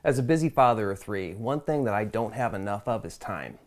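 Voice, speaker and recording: A man rehearsing a sales pitch to camera for a money-making program, delivered in an earnest, slightly stiff way. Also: lively intonation, fairly quick. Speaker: student rehearsing a video pitch.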